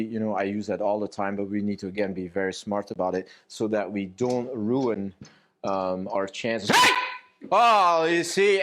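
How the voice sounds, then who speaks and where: Blunt, profane man lecturing on dog training. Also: lowish voice. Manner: blunt, profane, animated and joking.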